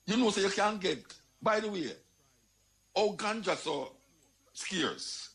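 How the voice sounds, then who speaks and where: A Jamaican man talks in a lively, exclamatory stream, slipping in and out of patois. His voice sits a little high for a man, with a gravelly, crackling edge. He keeps it casual and full of emphatic asides. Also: slow. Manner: animated, exclamatory, patois-laced. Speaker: commentator. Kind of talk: casual commentary monologue.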